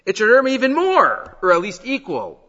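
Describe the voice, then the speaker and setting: A man's voice: sits high, a little fast, big-room sound, lo-fi sound. A man teaching a class on the weekly Torah portion, reading Hebrew verses aloud and then explaining them in English. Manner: animated, reads Hebrew verses then translates.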